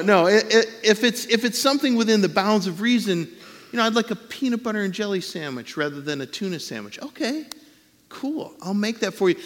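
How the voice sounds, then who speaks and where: Conversational pastor in a reverberant hall. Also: male voice, high-pitched, fairly bright tone. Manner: conversational, acts out quoted voices. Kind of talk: sermon.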